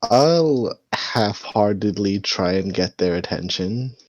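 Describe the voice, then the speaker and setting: A man speaking as a tabletop player in a laid-back, unhurried way. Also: on the low side, expressive, lo-fi sound. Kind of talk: casual tabletop play.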